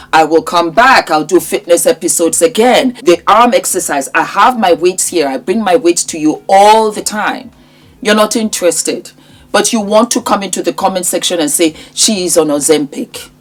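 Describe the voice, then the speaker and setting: Vlogger, woman in her fifties: lowish voice, emphatic, hammers points home by repeating them. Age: 50s. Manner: emphatic, repeats phrases for effect. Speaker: lifestyle YouTuber. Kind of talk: direct-to-camera vlog chat.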